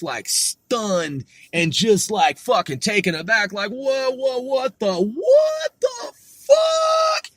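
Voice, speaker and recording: A man hosting a casual solo podcast, talking in a profane, excitable, rambling way, laughing at himself and stumbling over foreign words. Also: high-pitched, no room sound. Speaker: podcast host.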